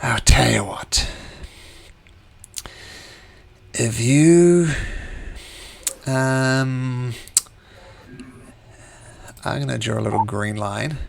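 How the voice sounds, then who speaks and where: A man voicing a gruff, hostile male bugbear guard who scolds and bargains bluntly, in a tabletop game. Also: medium pitch, very slow, pauses often. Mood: bargaining.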